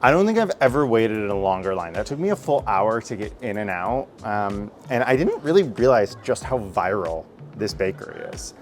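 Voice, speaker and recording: A man from the United States in his thirties, chatting excitedly and casually while tasting pastries on city streets, swearing now and then. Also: on the low side, normal speed, hardly any pauses, faint music behind. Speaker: food vlogger. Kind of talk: casual food vlog. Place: streets and bakeries of a city, outdoors.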